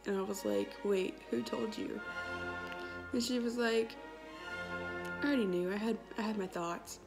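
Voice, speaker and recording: A woman's voice: mid-range voice, moderate pace, music in the background. A woman, telling a personal story in a casual, chatty vlog with lots of quoted dialogue. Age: 20s. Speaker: vlogger.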